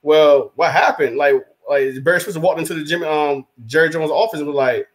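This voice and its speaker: Brief: male football talk co-host, slightly high voice, loose rambling delivery that slips into acted quotes. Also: fast talker. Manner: rambling, animated, acts out quotes. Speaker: podcast co-host, rival team's fan. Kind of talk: casual sports talk.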